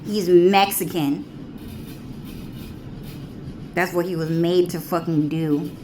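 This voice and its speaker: A woman vlogger with a low voice rants at a crawling pace, swearing freely and looping back over her own phrases. Her delivery is rambling and repetitive, with drawn-out pauses. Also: fairly even intonation, mellow, slight background noise. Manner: profane, repetitive, drawling. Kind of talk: rambling monologue.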